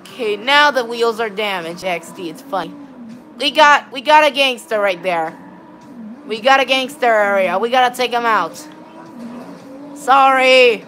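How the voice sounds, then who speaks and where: A woman giving excitable, rambling live commentary on her gameplay while chatting with viewers. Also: a little high, normal speed, a little hiss or hum. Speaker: game streamer.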